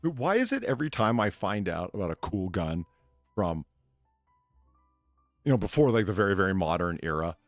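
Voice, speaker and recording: A man's voice: sits low, very animated, normal speed, pauses often, no room sound, soft background music. A man hosting a casual chat, rambling with many fillers and restarts. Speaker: podcast host.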